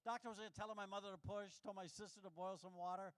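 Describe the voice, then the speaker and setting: Male stand-up from New York, high voice, brash self-deprecating club comic. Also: little pitch movement, fast, smooth. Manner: brash, self-mocking punchline delivery. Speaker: stand-up comedian. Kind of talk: stand-up comedy set. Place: live comedy showroom with audience.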